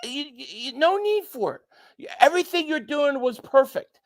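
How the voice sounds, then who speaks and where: On a live stream reacting to a football game, a man calls the plays and reads viewer chats aloud in a very high voice at normal speed. He's excitable and repeats himself when heated, shifting between shouting at calls and flat frustration.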